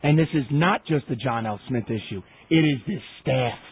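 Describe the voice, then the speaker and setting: A man's voice: mid-range voice, normal speed, slight background noise. A man delivering an impassioned, emphatic sports rant, repeating himself for effect. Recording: tinny phone line.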